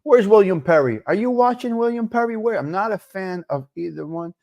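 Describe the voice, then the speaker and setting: His voice is high, gravelly, and darkish, and he talks in an animated, fairly quick way. As host of a casual livestream talk show, he chats loosely, drifts into rambling asides, and says hello to viewers by name.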